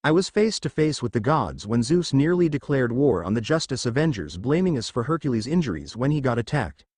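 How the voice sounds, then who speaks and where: A man's voice: mid-range voice, very animated, a little fast, darkish tone, no echo, clean studio sound. A man voicing an earnest female superhero recounting what she saw. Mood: troubled. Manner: earnest, explaining.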